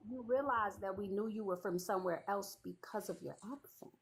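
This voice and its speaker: A woman's voice: medium pitch, brisk, vocal fry, rough recording. A woman from the Chicago area with a mixed Southern and Midwestern accent, hosting a debate in a pointed, sassy way. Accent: Chicago-area mix of Southern and Midwestern. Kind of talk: casual debate.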